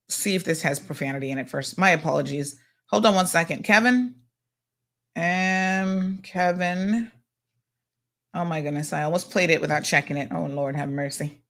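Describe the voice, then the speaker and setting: Woman, talk show host, casual, chatty, gossipy asides. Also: low voice. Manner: chatty and animated, with asides and fillers. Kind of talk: casual news chat.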